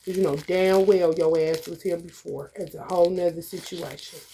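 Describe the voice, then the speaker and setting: A woman's voice: lowish voice, steady tone, normal speed, dark tone, slight background noise. A woman giving a casual tarot reading. She talks bluntly and profanely, calls the viewers y'all and honey, and laughs often as she tells stories. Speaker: tarot reader.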